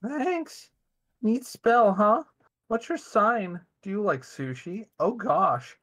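Guy doing a chatty flirty brook lady, way up high, rambly and bright. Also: lively intonation, takes it slowly, heavily acted. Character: flirty babbling female brook spirit.

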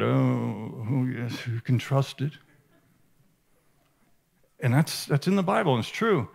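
A man preaching a sermon at a conference, animated and emphatic with playful, self-mocking humor, dropping to soft asides and rising to loud exclamations. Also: medium pitch, takes it slowly, vocal fry, pauses often. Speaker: conference speaker. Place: conference stage.

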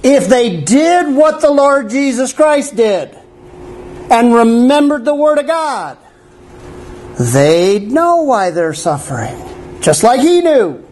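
Slow, animated male pastor preaching. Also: very high voice, slight background noise, rough recording. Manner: animated preaching with wry asides. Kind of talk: sermon. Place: church.

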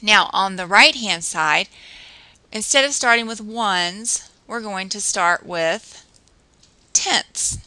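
A woman teacher narrating a recorded math lesson, explaining patiently and counting through drills slowly. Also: mid-range voice, bright, forceful tone, no echo, low-quality recording.

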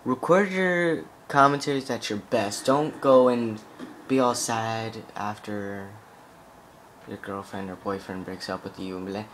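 A man's voice: on the low side, unhurried, slight background noise. A young man giving casual, rambling gameplay commentary full of "like" fillers and swearing as he plays. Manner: rambling, profane, heavy on "like" fillers.

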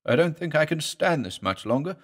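A man's voice: on the high side, very animated, brisk, husky, pitched above the performer's own voice. A man voicing a male patient in pain who pleads with his doctor in a strained, anguished voice. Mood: desperate. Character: suffering male patient, desperate and haunted.

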